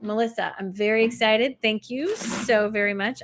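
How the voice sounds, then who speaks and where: A woman hosting a live stream, giving spiritual oracle card readings and chatting with viewers in a fast, soothing way. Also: a little high, background noise. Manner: talks fast. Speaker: intuitive reader and coach, live stream host.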